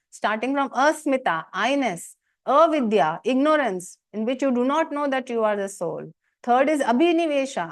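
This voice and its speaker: A woman speaking as a spiritual teacher gives an earnest commentary talk full of rhetorical questions and emphatic repetition. Her voice is on the high side.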